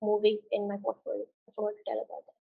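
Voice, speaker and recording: Young woman from india, gravelly voice, rambly and chatty, kinda muffled lo-fi sound. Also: mid-range voice, monotone, rapid-fire, dry recording. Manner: chatty, self-correcting, many fillers. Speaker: guest. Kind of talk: casual interview.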